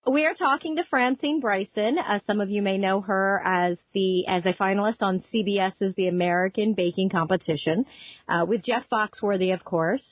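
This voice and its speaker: A woman's voice: medium pitch, normal speed, no room sound, highs cut off. A woman in her thirties hosting a food podcast, chatting with a guest in a gushing, easy-laughing manner. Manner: warm, gushing, laughs easily. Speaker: podcast host. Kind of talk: interview chat and scripted intro.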